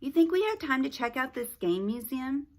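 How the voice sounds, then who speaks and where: A woman's voice: high voice, big pitch swings, moderate pace, pitched above the performer's own voice. A woman voicing an eager, friendly teenage boy who talks in an earnest, upbeat way.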